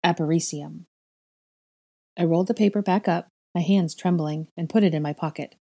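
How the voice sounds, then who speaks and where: A woman reading a first-person story aloud in a measured, soft storytelling manner. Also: fairly low pitch. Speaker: audiobook reader. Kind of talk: first-person fan fiction narration.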